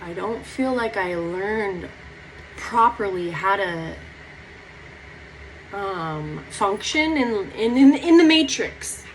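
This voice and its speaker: A woman's voice: mid-range voice, lively intonation, takes it slowly, slight background noise, low-quality recording. A young woman talking through her feelings in a rambling personal vlog, close to tears, swearing casually. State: near tears. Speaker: vlogger.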